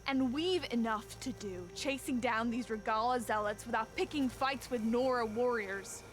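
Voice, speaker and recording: A woman's voice: on the high side, moderate pace, lightly acted. An actress voicing a stern, commanding woman leader of a warrior tribe in a video game, speaking firmly and with authority. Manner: firm, authoritative.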